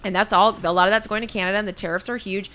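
A woman's voice: medium pitch, fairly even intonation, rapid-fire, sharp tone. A woman co-hosting a comedy podcast, rambling, self-deprecating and laughing often as she talks. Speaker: podcast co-host. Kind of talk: casual comedic podcast chat.

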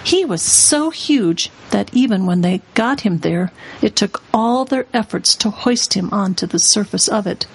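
A middle-aged woman on a radio talk show, reading a children's novel aloud in an earnest, expressive way, with hesitant fillers between phrases. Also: medium pitch, unhurried, vocal fry, hardly any pauses, husky, poor audio.

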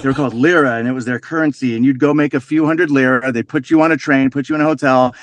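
A man's voice: medium pitch, fast talker, a little hiss or hum. A middle-aged man telling loose, profane stories as a podcast guest in casual chat. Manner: loose, swears freely, animated storyteller.

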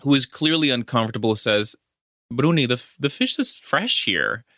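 Male podcast co-host, animated and profane, bright tone, recorded dry. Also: medium pitch, moderate pace, dry recording. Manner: animated, swears often, acts out scenes from the film. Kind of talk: casual film discussion podcast.

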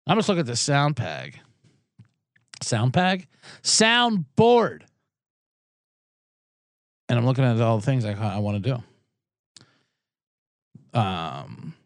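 A man hosting a podcast in a casual comedic rant, exasperated and sarcastic, rambling with quick asides. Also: mid-range voice, no echo, clean studio sound. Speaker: podcast host.

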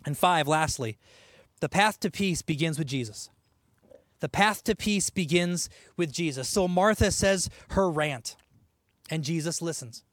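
Man, pastor, sermon, high-pitched, conversational, animated, dry sound. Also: unhurried, no echo. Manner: conversational, animated, with frequent asides and laughs.

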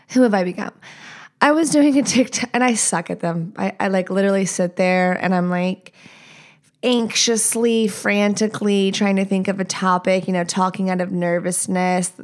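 Unhurried and medium-pitched, a thirty-something woman runs her own solo podcast. Her storytelling is casual, candid and profane, full of chatty, animated asides.

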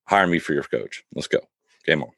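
A man's voice: a bass voice, animated, moderate pace, creaky, a bit bright, slightly rough, no room sound, studio quality, exaggerated voice. A man playing a brash, boastful male football coach candidate in a comedic mock job interview. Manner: swaggering, cocky boasts.

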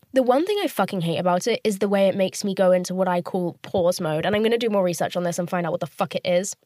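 Recorded in studio quality with no echo, a woman in her twenties with a medium-pitched, darkish voice hosts a podcast from her parked car. She's candid and chatty as she tells a profane story, imitating the quoted voices along the way.

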